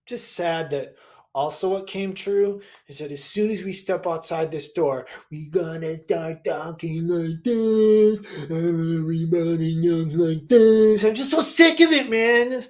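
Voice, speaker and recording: A man's voice: on the high side, measured pace. A man improvising a comedy scene in a whiny, exaggerated way.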